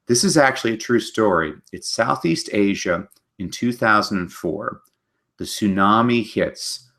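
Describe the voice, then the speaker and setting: Animated man giving book talks. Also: low voice, gravelly. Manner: animated storyteller, does quick character voices. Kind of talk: energetic webinar presentation.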